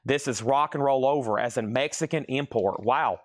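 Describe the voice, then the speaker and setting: Man, live sale host, fast patter, slightly winded, mid-pitched voice. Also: no echo. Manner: fast, chatty, running through prices and buyer names. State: a bit out of breath.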